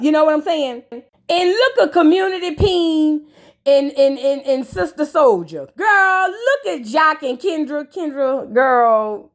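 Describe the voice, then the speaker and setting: A woman with a high-sitting, expressive voice talks slowly while hosting a casual reality TV reaction video. She roasts the cast in blunt, sassy, gossipy asides, calling her listener "girl."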